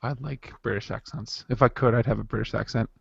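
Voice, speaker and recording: A man's voice: medium pitch, fairly even intonation, fast talker, vocal fry, husky, dry recording, muffled recording. A man co-hosting a podcast in casual chat. He rambles and restarts his sentences often. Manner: rambling, full of fillers and restarts. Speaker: podcast co-host.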